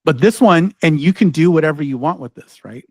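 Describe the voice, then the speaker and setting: A man's voice: a little high, animated, a little fast, darkish tone, dry recording. A man presenting a live online workshop, talking casually with lots of "like" and "right?" and frequent restarts as he walks through a demo. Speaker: ed-tech trainer presenting a workshop.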